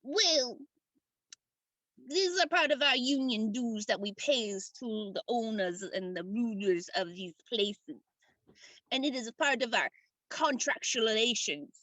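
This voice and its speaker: A woman playing a slick union recruiter with a folksy, slangy sales pitch. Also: lively intonation, unhurried, a bit bright, no room sound, rough recording. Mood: smooth.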